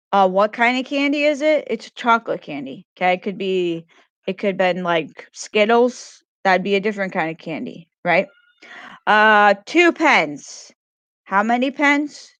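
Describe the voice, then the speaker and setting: Woman teacher, slow and patient, dry close sound, grammar lesson to kids. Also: medium pitch, fairly bright tone, no room sound. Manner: patient, repeats questions and praises students.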